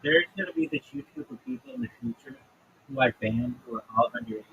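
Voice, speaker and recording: A man's voice: medium pitch, wildly swooping pitch, fast talker, vocal fry, highs cut off, slight background noise. A man hosting a livestream, chatting casually and swearing as he jokes, acting out imagined conversations in different voices. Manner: profane, joking, acts out imagined dialogue. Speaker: livestream host.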